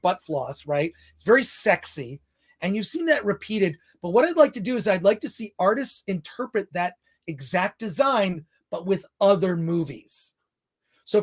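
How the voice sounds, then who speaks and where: A man hosting a film review show in casual chat, rambling off on tangents and restarting his sentences often. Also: sits high.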